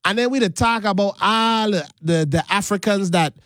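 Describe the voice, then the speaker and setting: A man from the United States Virgin Islands with a Virgin Islands accent, giving an impassioned history talk with slow, emphatic stresses. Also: high voice, fairly bright tone, no room sound.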